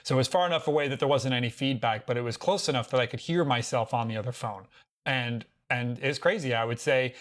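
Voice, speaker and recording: An American man co-hosting a casual tech podcast, telling stories in an animated way and often restarting his sentences. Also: medium pitch, fast. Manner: animated storytelling with frequent restarts. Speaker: podcast co-host.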